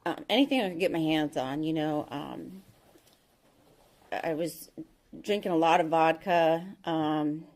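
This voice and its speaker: A woman in her thirties with a fairly low voice tells her own recovery story to a meeting. Her talk is frank and halting, with many ums and restarted sentences. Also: darkish tone. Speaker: AA meeting speaker.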